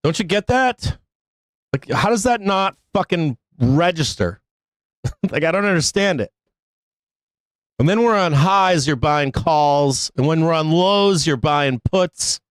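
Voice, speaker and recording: A man's voice: on the high side, lively intonation, a little slow, clean tone, dry recording, studio quality. A man hosting a live stock trading show, ranting in exasperation at his viewers with heavy swearing, laughing and pleading.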